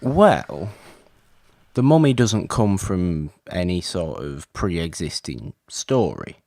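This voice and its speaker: Deep-voiced man, dry sound. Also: slow, dry recording. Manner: animated, chatty, stumbles over words. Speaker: podcast co-host. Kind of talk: casual chat about old films.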